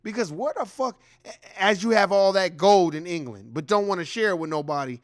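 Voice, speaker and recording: A man's voice: high-pitched, lively intonation, a little fast. A man giving a heated, profane reaction commentary in a casual, repetitive ranting style.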